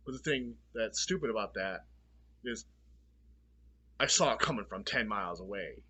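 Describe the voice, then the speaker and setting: Husky-voiced man ranting profanely. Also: medium pitch, normal speed, fairly bright tone. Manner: profane, exasperated and blunt. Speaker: movie reviewer. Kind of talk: casual ranting review.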